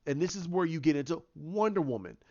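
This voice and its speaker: A man's voice: a little high, expressive, fast talker, mellow, highs cut off. A man casually retelling his own movie idea, rambling with lots of restarts and fillers. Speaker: fan pitching a movie idea.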